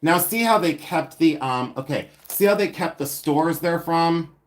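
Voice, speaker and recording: A man hosting a casual live stream, chatty, excitable and self-mocking as he shows vintage finds indoors. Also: fairly high pitch, unhurried. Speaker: livestream host selling vintage finds. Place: indoors at home, seated with items.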